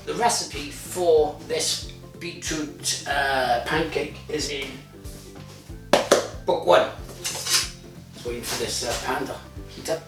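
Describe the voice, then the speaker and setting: Speaking slowly with long pauses in a fairly high, steady voice, a man in his forties hosts a laid-back cooking vlog, chatty, jokey and freely profane. The distant mic picks up an echoey room and music behind him.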